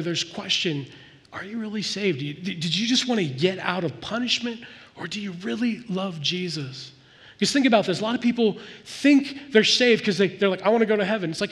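A pastor giving a sermon in an earnest, conversational way, often dropping to a soft, intense voice. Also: male voice, sits high, expressive, normal speed, in a large hall.

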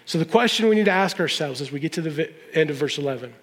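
A man's voice: a little high, lively intonation, very fast, slightly rough, in a large hall. A man preaching a sermon as a pastor, conversational and emphatic, with sudden stressed phrases.

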